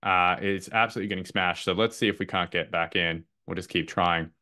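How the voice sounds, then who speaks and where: A man's voice: sits low, steady tone, a little fast, sharp tone. A man giving a live online masterclass, talking loosely and upbeat, with lots of fillers and restarts. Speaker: masterclass presenter. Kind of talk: live webinar presentation.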